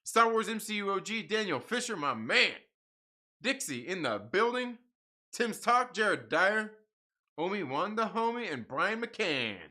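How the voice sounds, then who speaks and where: A man's voice: high-pitched, sing-song, a little slow, pushed and bright. A man hosting a livestream, rambling in casual profane chat and laughing often. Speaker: livestream host reading comics.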